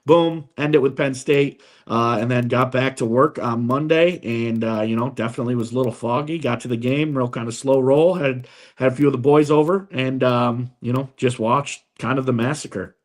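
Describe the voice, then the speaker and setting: A man's voice: mid-range voice, moderate pace, few pauses. Easygoing man rambling about football. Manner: relaxed, rambling, lots of fillers. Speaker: podcast co-host. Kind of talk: casual sports chat.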